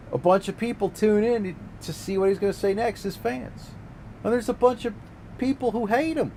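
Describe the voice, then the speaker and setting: A man's voice: on the high side, darkish tone, slight background noise, poor audio. A man streaming a game, ranting casually and sarcastically with plenty of swearing. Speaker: gaming streamer. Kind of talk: casual ranting commentary while gaming.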